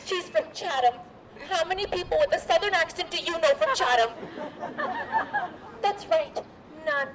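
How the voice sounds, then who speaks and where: A woman's voice: very high voice, lively intonation, moderate pace, pauses often, a crowd in the background, low-quality recording. An actress playing a jealous young 1920s chorus girl in live street theatre, talking dramatically and gossiping. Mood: ranting. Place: outdoors on a street. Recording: outdoor street noise.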